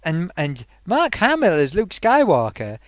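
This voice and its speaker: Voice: medium pitch, huge pitch swings, a little slow, no room sound. A film reviewer ranting in a rambling, sarcastic, exasperated way, full of ums and little laughs. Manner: frequent fillers and amused laughs.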